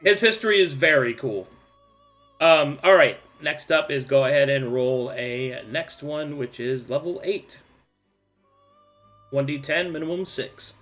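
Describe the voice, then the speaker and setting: Male game master, bright energetic voice, playful hype-man delivery over quiet music. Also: on the high side, unhurried. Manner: playful, hypes up the players. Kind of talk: running a tabletop game.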